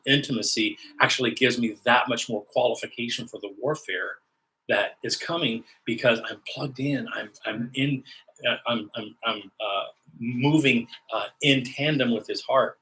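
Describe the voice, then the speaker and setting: A man's voice: fairly low pitch, pushed and bright, rough recording. A man giving an earnest teaching sermon on prayer, often repeating phrases and restarting his sentences.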